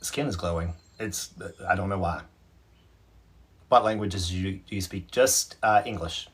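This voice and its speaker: A man's voice: low-pitched, unhurried, a bit bright, husky. A man from North Carolina, hosting a casual livestream and answering viewer comments in a chatty, self-mocking way. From North Carolina, USA. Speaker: livestream host. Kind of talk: casual live chat, reading out viewer comments.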